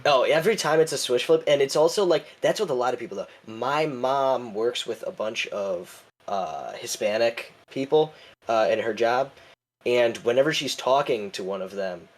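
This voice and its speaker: A man's voice: medium pitch, lively intonation, normal speed. A young man with a Chicago accent, chatting casually as a podcast co-host, joking and often trailing off. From Chicago area, United States. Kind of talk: casual chat.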